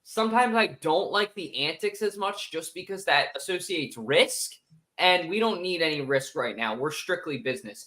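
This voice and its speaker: A man's voice: a little high, a little fast, sharp tone, poor audio. A man co-hosting a sports podcast, joking and opinionated in casual chat. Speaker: podcast co-host.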